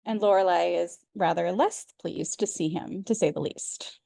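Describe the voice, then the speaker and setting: A woman's voice: fairly low pitch, moderate pace, creaky, warm tone, dry recording. A woman co-hosting a podcast, narrating episode recaps in a wry, chatty way. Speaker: podcast co-host. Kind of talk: casual recap chat.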